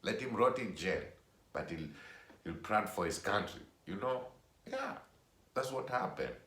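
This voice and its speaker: Deep-voiced man ranting in an echoey room. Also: unhurried. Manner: animated, repetitive, emphatic. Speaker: vlogger. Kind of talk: casual opinion monologue.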